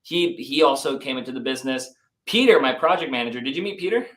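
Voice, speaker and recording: A man's voice: mid-range voice, quick pace, rough recording. Chatty young man telling stories. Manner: animated, acts out quotes, says "like" and "dude" often. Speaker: business founder, podcast guest. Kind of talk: casual interview storytelling.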